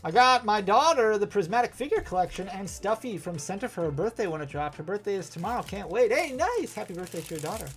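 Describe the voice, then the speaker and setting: A man's voice: sits high, sing-song, quick pace, hardly any pauses, fairly bright tone, faint music behind. A man with a Wisconsin accent hosting a live stream, opening card packs and reading out chat, chatty and self-deprecating with frequent laughs. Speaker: host.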